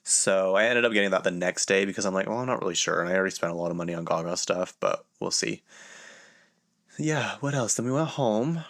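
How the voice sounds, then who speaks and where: A young man with a low voice tells a loose, chatty story for his podcast. He keeps stopping mid-sentence and circling back, with plenty of "like" along the way. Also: fairly quick, vocal fry, fairly bright tone. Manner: rambling, filler-heavy, self-interrupting. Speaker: podcast host. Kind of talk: casual storytelling monologue.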